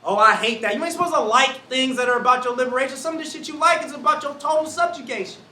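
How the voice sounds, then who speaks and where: A man giving an energetic, slangy talk to college students, acting out voices as he preaches. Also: extremely high pitch, quick pace, a little hiss or hum. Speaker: speaker to students. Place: large room with audience. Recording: echoey room, voice from far off.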